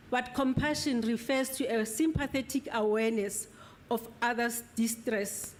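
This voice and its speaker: A middle-aged woman delivers a motivational address at a graduation ceremony. Her voice sits slightly high, and she speaks earnestly and emphatically. She brings the quoted voices to life as she speaks. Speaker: speaker at an oath-taking ceremony. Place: ceremony hall.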